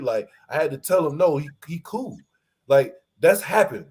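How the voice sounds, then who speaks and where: Slangy man, slightly high voice. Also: normal speed, slightly rough. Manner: relaxed, slangy, acts out friends' lines. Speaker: instructor. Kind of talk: casual discussion.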